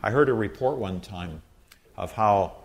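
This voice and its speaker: Middle-aged male Bible teacher, lowish voice, explanatory and conversational, reads verses then unpacks them. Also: a little slow, creaky. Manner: explanatory, reads scripture aloud then paraphrases with everyday analogies.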